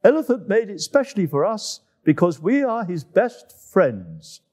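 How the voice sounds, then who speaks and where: A man voicing a friendly giraffe in a read-aloud storybook, bright and reassuring. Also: high voice, big pitch swings, a little slow, voice pushed up, full character voice.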